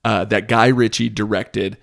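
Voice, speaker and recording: Rambling, excitable American podcast host. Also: male voice, fairly low pitch, measured pace, vocal fry. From United States. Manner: rambling, excitable, swears, many fillers. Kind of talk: casual chat.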